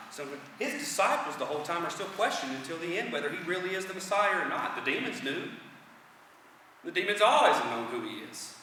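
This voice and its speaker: A man preaching a sermon, earnest, repeating phrases and slowing down for emphasis. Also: on the high side, very animated, sharp tone, a little hiss or hum. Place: church hall. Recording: echoey hall from far off.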